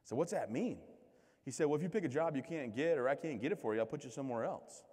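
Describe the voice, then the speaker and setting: A man's voice: mid-range voice, lively intonation, fast talker, a little mellow. A man from the United States telling self-deprecating, joking stories as a keynote speaker at a large event. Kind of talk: comedic motivational keynote. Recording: reverberant hall from a PA.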